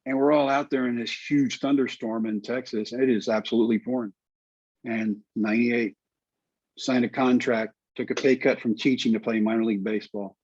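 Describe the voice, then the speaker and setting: A middle-aged man telling his story as an interview guest, lively and quoting others in voices. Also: mid-range voice, moderate pace, husky, dry recording, muffled recording. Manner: animated storyteller, quotes people in voices. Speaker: guest, former pitcher.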